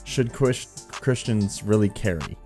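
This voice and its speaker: Low, slow-talking man co-hosting. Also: soft background music. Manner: relaxed, laughs often, thanks viewers. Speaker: co-host. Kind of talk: casual reaction chat.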